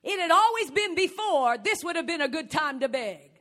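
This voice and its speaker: A woman preacher delivering a sermon, emphatic and building up to shouts. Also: very high-pitched, expressive, moderate pace.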